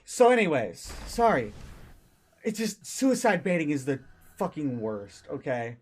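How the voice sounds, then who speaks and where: His voice sits high and swings widely in pitch, yet he doesn't hurry. The male streamer is ranting angrily and profanely, stammering and starting his sentences over in heated commentary.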